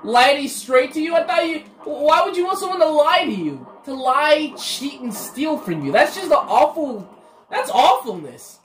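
Excitable swearing woman gamer, lively pitch. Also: normal speed. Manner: excitable, swearing, talking to viewers. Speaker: let's play gamer. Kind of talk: casual gameplay commentary. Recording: roomy echo, faint game music. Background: faint game music.

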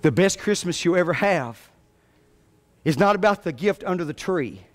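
A male pastor preaching a sermon, swinging between quiet talk and loud shouted climaxes. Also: sits high, lively intonation, normal speed.

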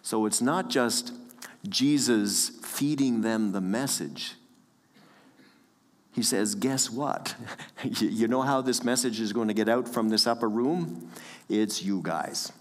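Unhurried pastor preaching in a reverberant church. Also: male voice, on the low side. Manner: earnest, with light chuckles and repeated phrases. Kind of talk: sermon. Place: church sanctuary.

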